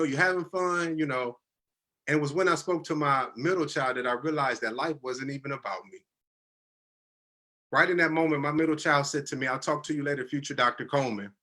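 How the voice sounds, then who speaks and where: A man in his thirties recounts a personal turning point in an earnest, conversational way. His voice is bright and forward, and he keeps slipping into the voices of the people in his story. He sounds teary-eyed and moved. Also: mid-range voice. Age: 30s. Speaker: guest telling his life story.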